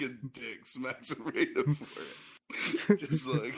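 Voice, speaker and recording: A man's voice: mid-range voice, slow, breathy edge. A man co-hosting a podcast in casual chat, cracking crude jokes and laughing often. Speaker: podcast co-host.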